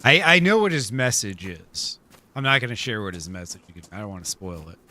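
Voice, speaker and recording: Chatty male game streamer, bright lively voice. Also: fairly low pitch, brisk. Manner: chatty, laughs often, self-deprecating. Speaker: streamer playing a role-play game. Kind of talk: casual chat while gaming.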